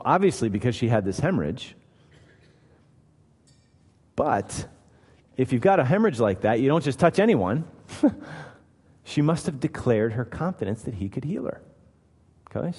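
A man's voice: mid-range voice, a little mellow, breathy edge. A man preaching a sermon as pastor, emphatic and posing rhetorical questions to his listeners. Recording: long hall reverb.

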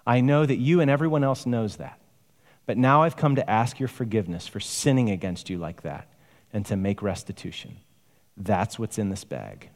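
An earnest, humble man, as a preacher reads him in a story, confessing in a low, plain voice. Long reverb trails each phrase. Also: normal speed, lightly acted. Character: humble repentant man, former tax cheat.

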